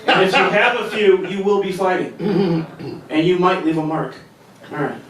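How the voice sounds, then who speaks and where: Man, stand-up comic, rambling and self-deprecating, slightly high voice, echoey club room, distant mic. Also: moderate pace, fairly bright tone, slight background noise. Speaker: stand-up comedian. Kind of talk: open-mic stand-up set. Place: comedy club stage. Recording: echoey club sound from far off.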